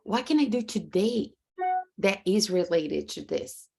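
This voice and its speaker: A woman's voice: medium pitch, a little slow, creaky, husky. A woman with a Brazilian Portuguese accent, a podcast guest and coach, telling stories earnestly over a video call and acting out her own reactions. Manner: animated storytelling, acts out her own reactions; faith-driven, earnest. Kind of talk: conversational interview.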